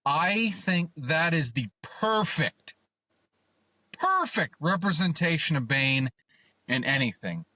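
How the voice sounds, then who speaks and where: Guy on a podcast, rambly and hyped, bright forceful voice, dry close sound. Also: on the high side, takes it slowly, no echo. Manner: excitable, rambling with restarts. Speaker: podcast co-host. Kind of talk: casual podcast chat.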